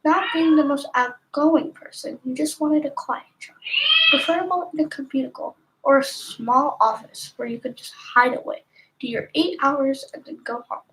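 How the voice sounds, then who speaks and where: A woman reading a second-person story as soft-spoken ASMR narration, slow and half-whispered with small slips. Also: high-pitched, a little hiss or hum, rough recording.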